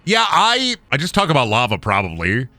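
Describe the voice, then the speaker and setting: Young guy streaming a game, super animated, bright voice, goofy and swearing a lot. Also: medium pitch, brisk, no room sound. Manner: goofy, rambling, swearing, jokey. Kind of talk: casual game-stream commentary.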